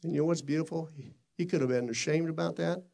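A man's voice: a little high, fast talker, vocal fry, a little mellow. A middle-aged man preaching a sermon and telling stories in an earnest, conversational way with frequent restarts. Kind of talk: sermon storytelling.

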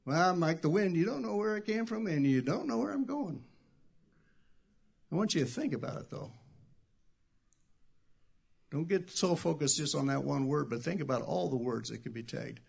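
A male pastor preaching in an easy, conversational way, his voice sitting a little high for a man. He drops to hushed asides, then bursts into loud, shouted lines. He sounds middle-aged. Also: lively intonation, normal speed, gravelly, pauses often, husky. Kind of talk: sermon.

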